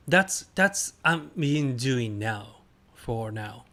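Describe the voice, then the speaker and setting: Speaking at medium pitch, a male streamer chats easily as he plays a guessing game. His phrases are short and halting, and he breaks into excited cheering from time to time.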